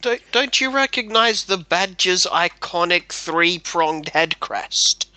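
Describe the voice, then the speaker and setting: Chirpy girl sidekick, very high and sharp, dead-dry read by a male let's-player. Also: expressive, slow, no room sound, full character voice. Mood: insistent. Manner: high, insistent, drawn out.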